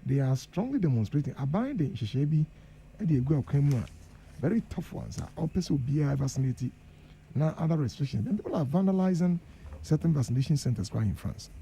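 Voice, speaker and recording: A Ghanaian man on a radio panel, talking with an earnest, emphatic push. His voice is gravelly and very dark, with faint noise behind it. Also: on the high side, lively intonation, brisk. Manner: earnest, mixes Twi and English, emphatic warnings. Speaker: guest professor. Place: radio studio.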